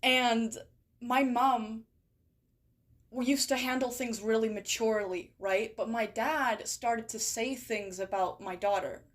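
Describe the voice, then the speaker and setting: A woman with a slightly high voice talks in a loose, rambling way and keeps dropping "like" and "right?" into her sentences. She reads out viewer stories as she chats, cursing freely. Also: steady tone, slow. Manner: rambling and chatty, with many "like" and "right?" asides and frequent swearing. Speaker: streamer reading viewer stories. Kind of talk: casual chat.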